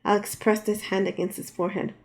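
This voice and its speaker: A woman's voice: level tone, fast talker. A woman, the author, reading her novel aloud as an audiobook, lifting her voice for the characters' lines. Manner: reads dialogue with raised pitch and force. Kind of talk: audiobook narration.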